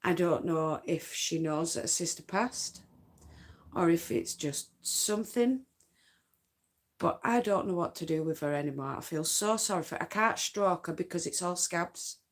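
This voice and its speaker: A woman's voice: lowish voice, normal speed. A woman with a Yorkshire accent, chatting casually and rambling a bit on a late-night crafting livestream from home. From North Yorkshire, England. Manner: rambling, chatty, uses dialect forms.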